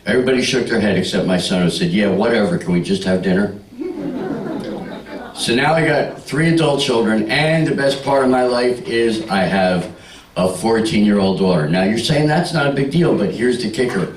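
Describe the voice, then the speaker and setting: This comedian, a man in his sixties, speaks at medium pitch, briskly and expressively. He spins stories and punchlines for a live party audience and trades remarks with them. The room sounds spacious, and the microphone is heard from afar.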